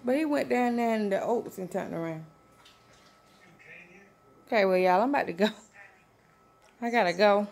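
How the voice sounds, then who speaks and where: A woman vlogger, chatting casually and telling a story in an animated way. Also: medium pitch, normal speed, vocal fry, pauses often. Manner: animated storytelling, talks to viewers as y'all. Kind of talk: casual chat.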